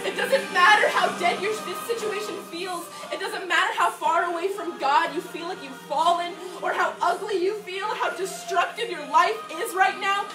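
A woman's voice: extremely high pitch, moderate pace, few pauses. A woman performing a stage monologue as a grieving sister, impassioned and swinging between tears and laughter, in an echoey church heard from a distance. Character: grieving woman of Bethany mourning her brother. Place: church sanctuary. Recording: echoey church hall from far off, music behind.

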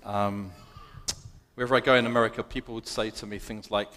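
A man's voice: on the low side, flat delivery, brisk, bright, forceful tone, a little hiss or hum. A man with a London accent giving a chatty, self-deprecating sermon as a guest preacher. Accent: London English. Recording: long hall reverb.

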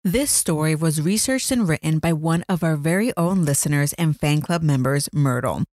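A woman's voice: deep voice, animated, moderate pace, a little mellow, no echo, studio quality, soft background music. A woman hosting a true crime podcast, telling the story as scripted narration with dramatic build-up and chatty asides to the listener.

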